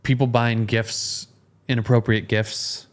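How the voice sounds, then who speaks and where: A man's voice: medium pitch, level tone, takes it slowly. A young man co-hosting a podcast in casual chat, dry and matter-of-fact. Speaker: podcast co-host.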